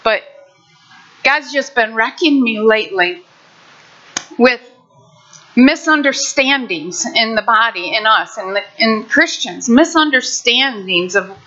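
A woman's voice: fairly high pitch, animated, slow pace, long pauses, bright, forceful tone. An older woman pastor giving a heartfelt, conversational sermon with many restarts. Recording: muffled lo-fi recording.

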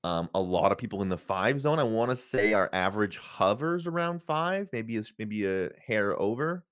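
A man's voice: on the low side, expressive, normal speed, fairly bright tone, smooth, no room sound, studio quality. A man co-hosting a casual livestream review chat, thinking aloud and often repeating words as he hesitates. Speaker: co-host.

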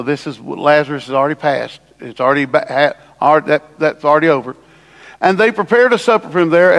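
Male pastor, sermon, fairly high voice, dramatic loud-and-soft swings, long church reverb. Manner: lively preaching, dramatic voice swings from loud to hushed. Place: church sanctuary.

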